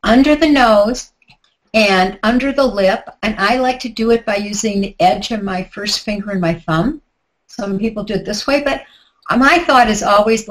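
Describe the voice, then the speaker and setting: A woman's voice: mid-range voice, moderate pace, rough recording. A middle-aged woman teaching a tapping technique in a live online workshop, chatty and guiding step by step with asides. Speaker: tapping instructor.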